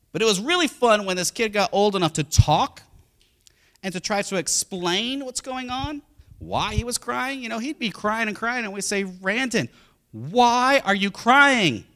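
A man's voice: sits high, sharp tone. A middle-aged man, a pastor, preaching a sermon through family stories, acting out what people say. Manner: storytelling, acts out quotes, repeats words.

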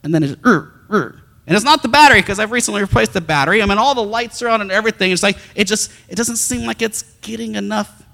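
A man, a pastor, telling a story in a sermon as an animated storyteller who acts out the sounds. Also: high-pitched, fast, vocal fry, long reverb tail.

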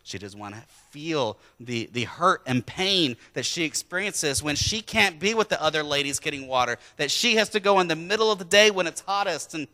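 Bright-voiced, joking male preacher. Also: on the high side, animated, normal speed, few pauses. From Wisconsin. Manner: conversational, joking with the congregation. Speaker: pastor. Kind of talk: sermon. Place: church.

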